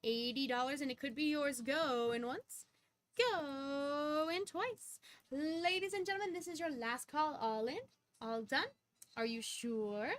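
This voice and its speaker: A young adult woman hosting a live-stream coin auction, rattling off lots in quick auctioneer patter with sudden bursts of excitement. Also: high-pitched.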